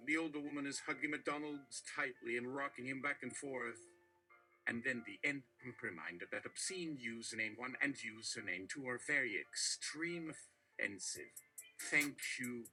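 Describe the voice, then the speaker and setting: A synthetic man's voice reading a story with dialogue, jumping in pitch, repeating phrases and running into garbled credits. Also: expressive, normal speed, sharp tone, faint music behind, poor audio.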